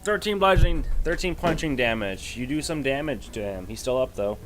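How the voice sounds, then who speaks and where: A man's voice: medium pitch, animated, brisk, a bit bright, a little hiss or hum. A man narrating as game master of a livestreamed tabletop game, improvising loosely and correcting himself as he goes.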